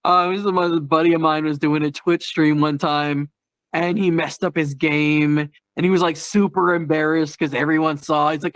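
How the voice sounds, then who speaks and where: Man, podcast host, casual chat, giggly, rambling, slightly high voice, dry close sound. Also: flat delivery, moderate pace, no echo. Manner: giggly, rambling, breaks into loud silly catchphrases.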